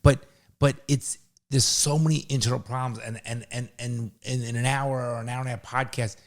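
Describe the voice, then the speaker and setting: A man's voice: mid-range voice, steady tone, a little fast. A middle-aged man co-hosting a casual podcast, heated and profane, repeating words as he gets worked up. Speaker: podcast co-host, father.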